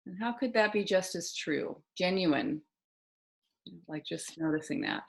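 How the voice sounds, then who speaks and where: A woman facilitating a self-inquiry session, asking guiding questions calmly and murmuring as she listens. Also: on the low side, gravelly. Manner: calm and unhurried, with frequent soft "mm" listening sounds.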